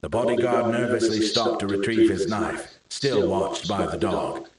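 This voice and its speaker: A man narrating a thriller audiobook in a steady, measured reading. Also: fairly low pitch, recorded from a distance, slight background noise. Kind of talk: scripted narration. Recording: very echoey room.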